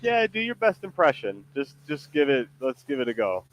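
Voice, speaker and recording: A man's voice: mid-range voice, big pitch swings, moderate pace. A man chatting casually and playfully while streaming a game. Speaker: Twitch streamer. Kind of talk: casual gaming stream chat.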